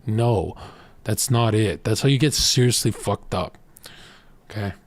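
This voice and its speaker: A man streamer ranting casual dating advice, blunt and profane, telling stories with animated voices. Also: lowish voice, unhurried.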